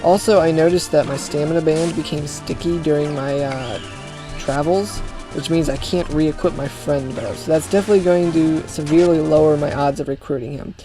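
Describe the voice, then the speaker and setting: A man's voice: on the high side, fairly even intonation, moderate pace, over music. A man casually commenting on a video game he plays, making sarcastic jokes and reading text aloud. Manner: sarcastic, joking asides. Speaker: let's play host.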